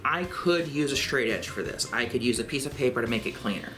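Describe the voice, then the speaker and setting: A man giving a calm, step-by-step craft tutorial for a library. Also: medium pitch, a little fast, faint music behind.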